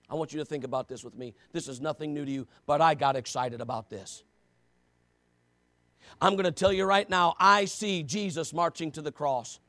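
A man preaching a sermon, moving between quiet, low passages and loud, shouted emphasis, with repeated rhetorical questions. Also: moderate pace, no echo, clean studio sound.

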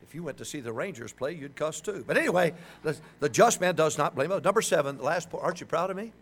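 A man's voice: on the high side, fast talker, slightly rough. An older man preaching a sermon, joking and calling on the congregation to answer back. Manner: joking, animated, call-and-response with the congregation.

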